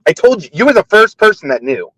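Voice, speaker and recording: A man's voice: sits high, very animated, fast talker, fairly bright tone, no echo. A man arguing heatedly on a voice call panel, stammering and repeating himself as he talks over others. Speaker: panel speaker. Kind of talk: heated argument on an online voice panel.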